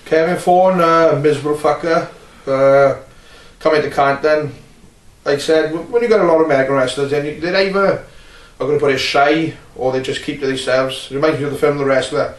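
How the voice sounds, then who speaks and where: A Welsh man, a wrestler, talking bluntly and rambling with many filler pauses in a casual interview. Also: on the high side, fairly even intonation. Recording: roomy, distant mic.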